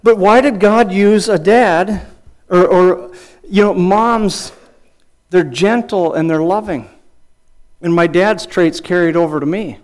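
A man's voice: sits high, takes it slowly. Older man preaching, folksy and conversational. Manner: storytelling, animated when acting out his father's yelling; folksy, conversational, repeats words. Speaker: pastor. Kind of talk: sermon.

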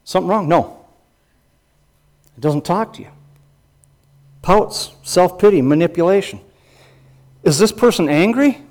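A man's voice: high voice, animated, measured pace, pauses often, darkish tone. A man preaching a sermon as a pastor and counselor, emphatic, with repeated phrases and rhetorical questions.

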